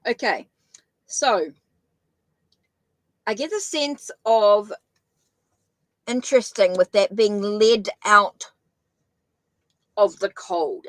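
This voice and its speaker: A woman's voice: medium pitch, no echo, poor audio. Chatty New Zealand woman reading tarot. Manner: chatty, thinks aloud, many restarts. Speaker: tarot reader. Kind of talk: live-stream tarot reading.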